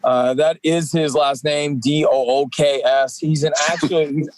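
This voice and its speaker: A man in his forties, a professional wrestler and podcast guest, talking at length in a rambling, energetic way with many fillers. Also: on the high side, normal speed, crowd noise. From Canadian East Coast. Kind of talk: casual podcast chat.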